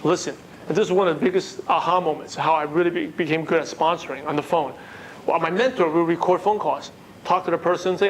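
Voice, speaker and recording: A man with a non-native English accent, coaching a live audience in a lively way and asking the room questions. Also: on the high side, fast talker, slight background noise, low-quality recording. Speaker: network marketing trainer. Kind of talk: seminar talk to a live audience.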